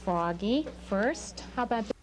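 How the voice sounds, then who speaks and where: A woman's voice: medium pitch, animated, unhurried, a little hiss or hum. A woman teaching a small group of children a phonics lesson, patient and asking many questions.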